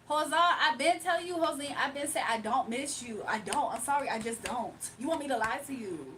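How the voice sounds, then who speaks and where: High-pitched woman rambling to her stream chat, laughing a lot, sounds a bit far from the mic. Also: lively intonation, normal speed, few pauses, a bit bright, slight background noise. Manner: chatty, laughs often, addresses chat as y'all. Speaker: livestream host. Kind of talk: casual live-stream chat with viewers.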